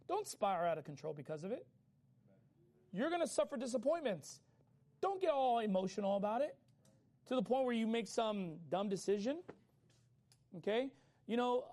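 A man preaching a sermon in a casual, conversational way, acting out people's complaints and urging listeners to get up and act. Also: sits high. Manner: fast, animated delivery. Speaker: pastor.

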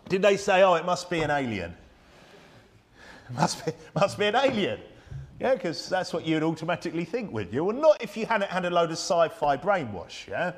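A man's voice: fairly high pitch, big pitch swings, a little fast, few pauses, a little hiss or hum. A man preaching a Bible-study sermon in a conversational way, full of rhetorical questions and reading old-style scripture aloud.

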